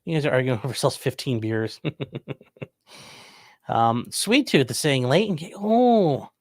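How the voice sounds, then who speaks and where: His medium-pitched voice is sing-song and moves at normal speed as this Ohio man hosts a livestream. In a casual chat, he reads viewer comments out loud and answers them with dry jokes; there's no echo.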